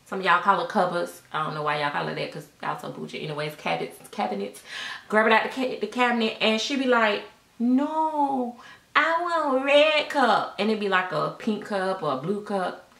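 A woman's voice: medium pitch, quick pace, vocal fry, fairly bright tone. A middle-aged woman telling a casual storytime at home, chatty and sassy, with a sound recorded in an echoey room. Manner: chatty, sassy, acts out voices in quotes.

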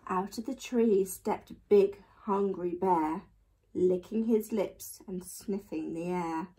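A woman teaching primary school, reading a picture book aloud to children with expressive, animated storytelling. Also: mid-range voice, takes it slowly.

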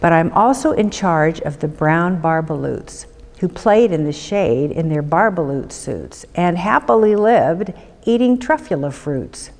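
Grumpy scolding little forest creature read by a woman, lower voice, slow storybook pace, reverberant room. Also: lively intonation, a little mellow.

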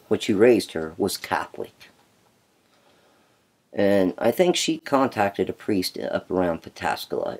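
A man telling a story about his house in a documentary, acting out the voices and knocking noises he recalls. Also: on the low side. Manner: animated storyteller, acts out quoted voices and knocking sounds.

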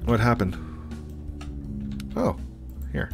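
A man's voice: low-pitched, animated, moderate pace, music in the background. A man chatting casually and rambling while he plays a game, easily distracted. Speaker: gaming YouTuber. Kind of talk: casual gameplay commentary.

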